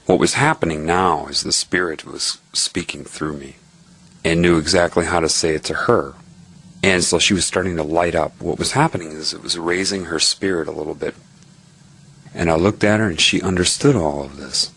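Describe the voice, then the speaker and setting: A man's voice: low voice, fairly even intonation, moderate pace, a bit bright, breathy edge. A man giving an earnest spiritual monologue in the form of a personal story, explaining his points step by step and checking in with "right?".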